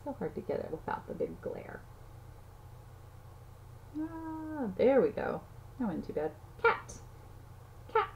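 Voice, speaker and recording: Speaking slowly in a high, gravelly, sing-song voice and pausing often, a woman who teaches young children leads a playful toddler lesson with counting and animal noises. The recording sounds a bit dull and carries faint noise.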